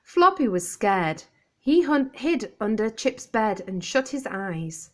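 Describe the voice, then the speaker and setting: A storyteller reads a children's picture book aloud, her voice clear and expressive for a young audience. Her pitch rises and falls in a lively lilt, and she takes an unhurried, slow pace.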